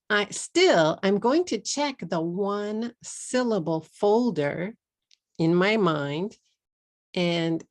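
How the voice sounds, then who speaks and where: Slow, gravelly Texan woman teaching English. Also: medium pitch, expressive. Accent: Texas. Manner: slow, drawn-out model words, repeated for learners. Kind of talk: pronunciation lesson.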